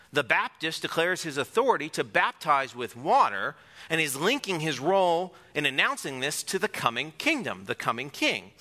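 Male pastor, earnest sermon delivery, slightly high and bright. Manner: earnest, emphatic, reads scripture aloud. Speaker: preacher.

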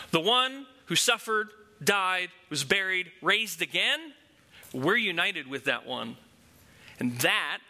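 Male pastor, higher register, very bright tone, conversational teaching sermon with rhetorical questions.

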